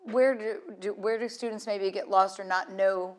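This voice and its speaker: A woman's voice: mid-range voice, steady tone, moderate pace, slight background noise. A woman with a mid-range voice hosts a local TV interview. She asks her guests friendly, prompting questions. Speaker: TV interview host.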